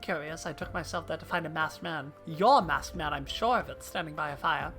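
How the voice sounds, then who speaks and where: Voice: mid-range voice, a little fast, fairly bright tone, faint music behind, lightly acted. A streamer voicing a struggling, wheedling small merchant while reading game dialogue aloud on stream. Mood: eager. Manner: theatrical read of game dialogue.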